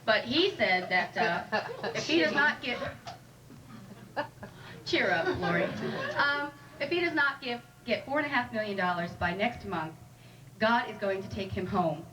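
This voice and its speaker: A woman's voice: fairly high pitch, lively intonation, a little slow. A woman doing a stand-up comedy set in a club, chatty and wry, teasing the audience. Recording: live room recording from a distant mic with audible noise.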